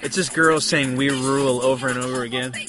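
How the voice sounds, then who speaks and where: A man's voice: medium pitch, fairly even intonation, quick pace, over music. A man hosting a podcast, teasing his co-hosts in a playful, casual chat. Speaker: podcast host.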